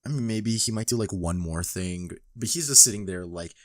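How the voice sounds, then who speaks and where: A man's voice: fairly low pitch, brisk, no room sound, clean studio sound. A man co-hosting a casual fan podcast, laid-back and rambling. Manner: laid-back, drawling, says like a lot. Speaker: podcast co-host.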